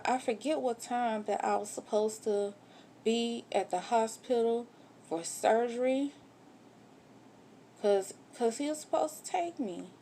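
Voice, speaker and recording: A woman's voice: on the high side, dark tone, a little hiss or hum. A woman candidly telling a personal story in a vlog, getting emotional and swearing when upset. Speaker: vlogger telling her own story.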